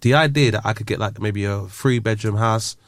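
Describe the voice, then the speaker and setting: A man's voice: fairly low pitch, brisk, no echo, studio quality. A man, hosting a podcast and telling stories in casual chat. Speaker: podcast host.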